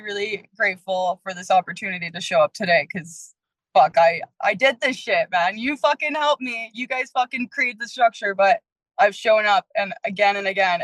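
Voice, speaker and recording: A woman's voice: mid-range voice, fairly bright tone, dry recording, low-quality recording. A woman speaking as a client on a group coaching call, sharing her setbacks openly with casual swearing.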